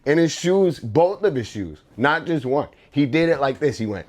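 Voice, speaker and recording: Drawing at home, this young streamer and artist spins a meandering tale loaded with filler words and curses. His voice is a little high and a little mellow, animated yet unhurried.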